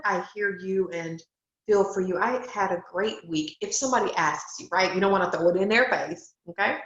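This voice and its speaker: A middle-aged woman speaks straight to her listeners in an emphatic, encouraging motivational talk. Her voice sits at an ordinary pitch. The sound is roomy and a little dull, as if recorded in a bare room. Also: moderate pace, a bit bright. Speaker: speaker and coach.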